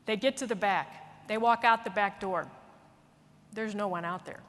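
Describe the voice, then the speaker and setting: A woman's voice: medium pitch, normal speed. Woman telling a story in an echoing hall. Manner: earnest, animated storytelling. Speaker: military leader giving a speech. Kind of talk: storytelling speech. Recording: long reverb of a large hall.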